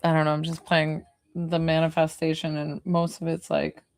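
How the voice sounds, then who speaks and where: A woman who works as a medium, chatting casually on a livestream and answering her viewers' questions in a lively way. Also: low-pitched, moderate pace, no room sound. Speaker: medium doing live readings.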